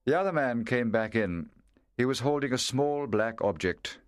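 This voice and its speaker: A man narrating a story in a measured, clear reading voice. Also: medium pitch, lively intonation, no room sound, studio quality.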